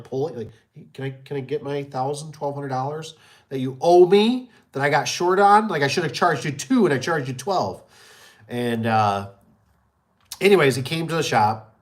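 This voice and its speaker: A man talks at an ordinary middle pitch, winding through a story about a customer. He repeats words and doubles back often, slipping into quick voices for the people he quotes. It sounds like easy, unscripted chat on a live stream. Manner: rambling, repeats himself, acts out quoted people. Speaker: small business owner hosting a live stream. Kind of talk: casual storytelling.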